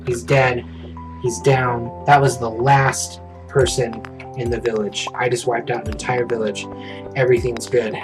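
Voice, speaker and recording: A male streamer tells a story in a loose, chatty way, lively and vivid, and drops the odd swear. His voice sits at an ordinary middle pitch. Faint game music plays softly behind him. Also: measured pace, low-quality recording. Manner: animated, vivid retelling with casual swearing. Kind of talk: casual storytelling chat.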